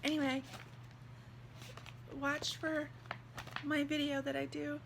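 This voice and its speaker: A woman's voice: sits high, monotone, slow, vocal fry, background noise. A woman vlogger talking in an earnest, heartfelt, rambling way about faith. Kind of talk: casual devotional vlog talk.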